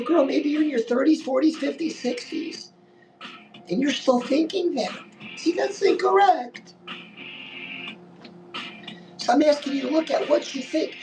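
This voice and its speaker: A woman's voice: high-pitched, normal speed, vocal fry, a little mellow, recorded from a distance, soft background music, rough recording. A woman giving a chatty live-stream pep talk as a life coach, keeps calling the listener "girl" and saying "listen".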